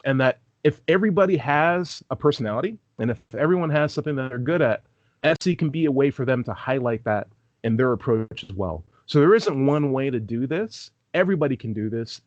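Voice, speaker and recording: A man's voice: medium pitch, animated, quick pace, no echo, highs cut off. A young man from California, a guest on a video call, chatting casually and rambling with many fillers. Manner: rambling, lots of "like", acts out quoted voices. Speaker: street epistemologist guest. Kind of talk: casual interview chat.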